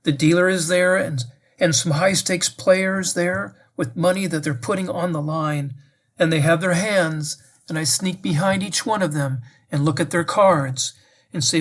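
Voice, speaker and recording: Man, slightly higher voice, prayerful meditation, reflective, questioning, speaks to the Lord. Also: steady tone, a little slow. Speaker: priest giving a meditation.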